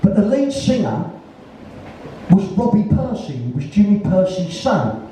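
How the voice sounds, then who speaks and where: A man's voice: high-pitched, very animated, measured pace, dark tone. A Cockney man from East London in his sixties, telling rambling, foul-mouthed anecdotes on stage and acting out other people's voices. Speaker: guest storyteller. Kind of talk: live on-stage conversation. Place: venue in front of an audience. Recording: roomy, distant, faint noise.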